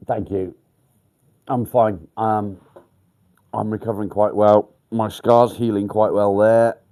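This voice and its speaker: An English man runs a relaxed live chat with his viewers, answering their comments one by one. His voice sits low and sounds dark and warm. He talks bluntly, swears without a second thought and fills his pauses with ums. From England. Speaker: livestream host. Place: outdoors by a field.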